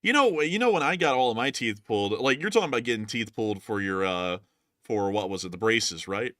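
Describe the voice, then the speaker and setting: A man hosting a live stream, jokey and upbeat, with a bright, forward tone. His pitch sits a little low, and the sound is dry and close to the mic. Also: expressive, fairly quick, no room sound. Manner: jokey, upbeat, filler-heavy. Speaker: live stream host reading super chats. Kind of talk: casual chat.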